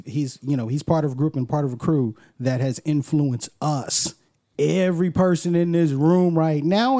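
A man's voice: on the high side, dark tone, no room sound, studio quality. A man hosting a podcast in loose, joking casual banter. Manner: loose, joking, drawn-out emphasis. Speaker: podcast host.

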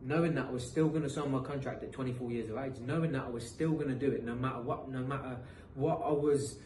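A man's voice: mid-range voice, fairly even intonation, fast talker, darkish tone. A British man in his thirties, a professional footballer telling his story as a podcast guest, earnest and motivational with frequent restarts. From England. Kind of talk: casual interview storytelling. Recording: roomy echo, distant mic, faint noise.

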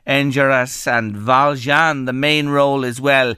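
A male radio presenter with a bright, crisp, slightly high voice, chatting enthusiastically. The sound is close and dry with no room. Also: fairly even intonation, measured pace, no room sound.

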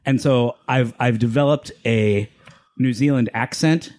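A man's voice: medium pitch, a little slow, a little mellow. A man in casual group chat, explaining things at length with a joking manner.

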